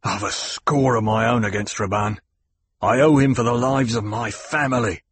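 A man's voice: medium pitch, moderate pace, a little hiss or hum, lightly acted. A man voicing a weary, angry male soldier who talks bluntly, with a hard edge. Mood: grim.

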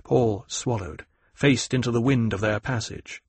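A man reading a novel aloud in a measured, even narrating manner. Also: mid-range voice, breathy edge, dry recording. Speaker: audiobook narrator. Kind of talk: scripted narration.

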